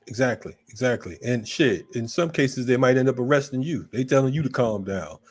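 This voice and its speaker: A man co-hosting a morning talk show, telling stories in a profane, animated way. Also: mid-range voice, a little fast, husky. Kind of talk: casual political chat.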